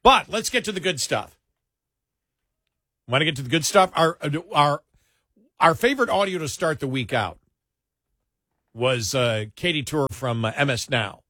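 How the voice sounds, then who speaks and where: A man's voice: fairly high pitch, lively intonation, moderate pace, long pauses, sharp tone, no room sound, clean studio sound. A man hosting a casual talk show, rambling and correcting himself before building to emphatic points.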